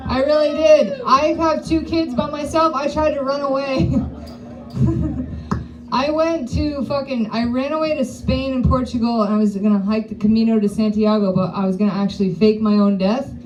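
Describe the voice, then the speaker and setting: A woman's voice: high-pitched, dull audio. A woman doing a live stand-up set, chatty and profane, coaxing the audience. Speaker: stand-up comedian. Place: live comedy venue. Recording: live venue with clear background noise.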